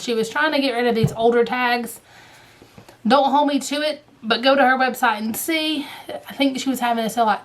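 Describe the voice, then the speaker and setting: A chatty woman with a Southern US accent, her voice sitting a touch high, rambles happily through her thread haul in a casual home video. She drifts into hushed near-whispers when leaning in to show a color, then comes back up to her easy chatting tone. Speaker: cross-stitch vlogger. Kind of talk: casual chat.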